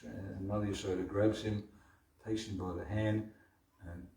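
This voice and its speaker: A man leading a devotional scripture class, retelling the story with halting repeats and restarts. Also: on the low side, flat delivery, mellow. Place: temple hall. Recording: roomy hall from far off.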